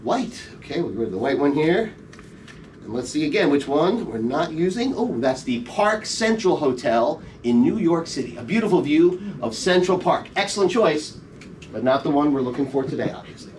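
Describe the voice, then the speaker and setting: This playful middle-aged magician sounds very animated, his fairly high, darkish voice at a moderate pace as he teases the audience in live comedy magic patter. Heard from a front-row audience member's camera in a theater show room, the voice is distant with faint room noise.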